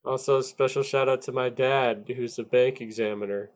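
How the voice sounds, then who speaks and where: A man's voice: medium pitch, steady tone, normal speed. A man from Iowa co-hosting a movie podcast, answering in short, dry quips. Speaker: podcast co-host. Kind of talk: casual movie chat.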